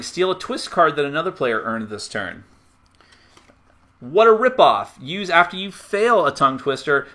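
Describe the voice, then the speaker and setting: A man's voice: fairly high pitch, bright, forceful tone. A man casually walking through the rules of a party game, chatty and self-mocking. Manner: chatty, self-mocking, laughs at his own slips. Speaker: board game reviewer.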